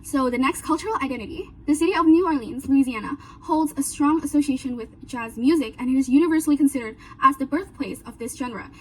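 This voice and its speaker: Speaking fast with few pauses in a high-sitting voice, a student presenter works earnestly through her class talk point by point, using "so" and "now" to mark each step. The audio quality is poor.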